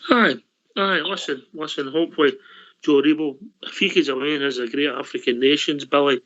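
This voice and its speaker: A man chatting on a phone-in show, his voice a bit high. He speaks agreeably, often starting over with "I, I". The sound is dull and lo-fi. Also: fairly even intonation, fairly quick, a bit bright. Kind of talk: casual phone-in chat. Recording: dull lo-fi line.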